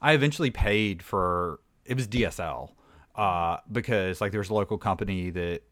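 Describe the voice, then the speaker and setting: A man's voice: low-pitched, moderate pace, a bit bright, no echo. A man with a Southern American accent chatting casually, rambling through stories with lots of "like" and filler words. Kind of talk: casual chat.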